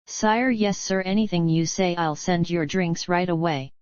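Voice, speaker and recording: A woman's voice: on the low side, unhurried, darkish tone, clean tone, no echo, close to an everyday voice. Woman voicing an eager old bar owner. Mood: fawning. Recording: slightly dull lo-fi recording.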